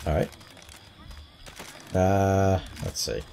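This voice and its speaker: A man's voice: deep voice, drawn-out words, gravelly, dark tone, slight background noise. A man giving casual commentary while he plays, reacting in short remarks to himself and his teammates. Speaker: gameplay commentator. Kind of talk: casual let's-play commentary.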